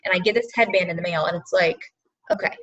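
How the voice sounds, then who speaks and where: A woman's voice: fairly low pitch, fast talker, fairly bright tone, far from the mic. Earnest woman coaching on a video call. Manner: earnest, filler-heavy, repeats herself for emphasis. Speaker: coach leading a team call. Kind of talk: casual motivational talk on a video call. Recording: dull lo-fi video call audio.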